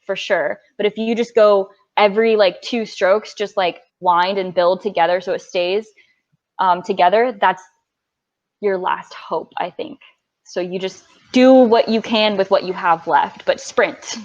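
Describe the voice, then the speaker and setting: Lively young woman coxswain telling stories. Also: medium pitch, measured pace. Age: 20s. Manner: animated storytelling, acting out quotes. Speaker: coxswain guest. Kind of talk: casual podcast chat. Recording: dull lo-fi audio.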